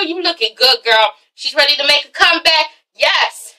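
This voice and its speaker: A woman vlogging a casual reality-TV recap, sassy and animated, swearing freely and acting out the cast members. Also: sits high, normal speed, recorded from a distance, low-quality recording. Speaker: vlogger reviewing a TV show.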